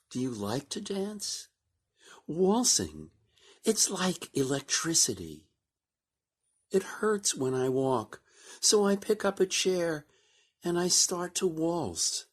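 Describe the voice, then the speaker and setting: A woman performs a recited monologue, drifting slowly through her lines. Her pitch rises and falls freely, giving the telling a lively, musing shape. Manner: slow, reflective storytelling, lively rising and falling pitch.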